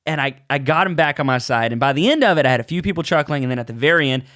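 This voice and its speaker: A man's voice: fairly high pitch, very fast, no room sound, clean studio sound. A man, a comedian and podcast co-host, telling a story in a casual chat and acting out the voices in it. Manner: animated, acts out voices in his stories.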